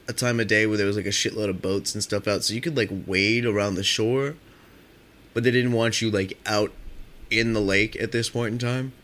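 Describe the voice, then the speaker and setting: A man's voice: lowish voice, fairly bright tone, a little hiss or hum. A young man telling casual stories on his podcast in a rambling, profane way, filling his talk with "like". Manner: rambling and profane, heavy use of "like". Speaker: podcast storyteller.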